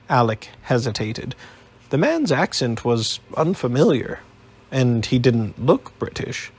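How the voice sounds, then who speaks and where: A man narrating an audiobook in a steady, even storytelling manner. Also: medium pitch, slow, slightly rough.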